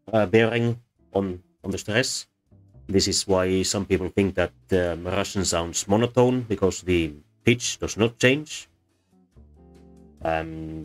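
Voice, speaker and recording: Low-voiced man giving a hesitant lecture. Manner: thoughtful, hesitant with many fillers. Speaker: presenter. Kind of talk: unscripted explanatory lecture.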